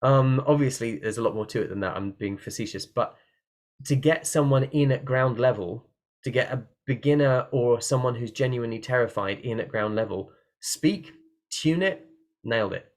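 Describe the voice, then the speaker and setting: A man teaching singing in an online workshop, talking casually from a room at his computer and breaking into quick sung and yelled demonstrations. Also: mid-range voice.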